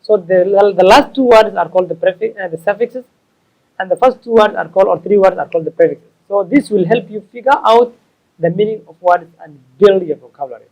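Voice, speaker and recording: Man, high voice, English lesson, repeats and corrects himself. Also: creaky, darkish tone, low-quality recording. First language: Somali. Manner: slow, repetitive, stops to correct himself. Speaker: English teacher. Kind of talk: explaining tips to learners.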